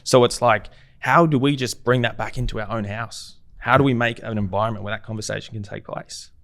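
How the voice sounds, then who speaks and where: A man's voice: on the low side, fairly even intonation, a little fast, vocal fry, fairly bright tone, dry recording, studio quality. A man speaking as a guest on a podcast, talking reflectively and posing rhetorical questions in a casual conversation.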